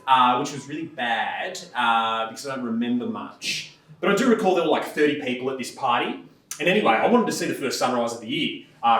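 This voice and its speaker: A man's voice: mid-range voice, a bit bright, close to an everyday voice. A man playing a rambling young bloke. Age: young adult. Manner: rambling, casual, swearing storytelling. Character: young Australian man recounting a drunken party. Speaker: actor in a verbatim stage play. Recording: roomy stage sound from far off.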